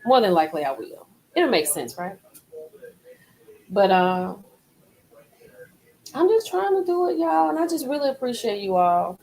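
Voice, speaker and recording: A woman's voice: fairly high pitch, very animated, unhurried, vocal fry, pauses often, darkish tone, poor audio. Rambling woman chatting to viewers. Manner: rambling, repeats phrases, talks straight to viewers. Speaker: live stream host. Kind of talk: casual live-stream chat.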